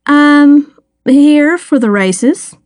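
Prim poised teacher lady read by a woman, measured, slow, dry close sound. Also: high-pitched, no room sound, voice pushed up. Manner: polite, correcting, gently reserved.

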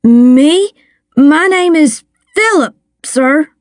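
A woman's voice: sits high, unhurried, no echo, studio quality, pitched above the performer's own voice. A woman voicing a nervous young boy who works a cafe counter in an audiobook, jumpy, eager and flustered. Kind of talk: audiobook character voice.

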